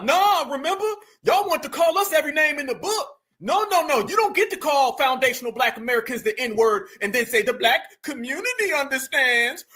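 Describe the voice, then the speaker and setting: High, bright, indignant male host. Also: slightly rough. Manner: mocking, indignant, animated, addresses viewers as family. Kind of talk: casual commentary on video clips.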